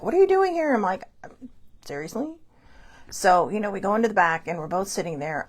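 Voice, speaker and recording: A woman's voice: on the low side, gravelly, slightly rough. A woman hosting her own show, telling a long personal story in a rambling, chatty way with lots of fillers and restarts. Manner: animated, laughs between thoughts. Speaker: show host. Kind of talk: casual storytelling monologue. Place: Hawaii show.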